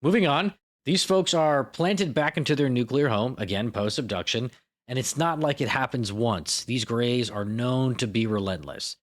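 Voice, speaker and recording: A man's voice: mid-range voice, moderate pace. A man hosting a podcast alone, riffing in an irreverent, profane, self-mocking comic monologue. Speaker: podcast host.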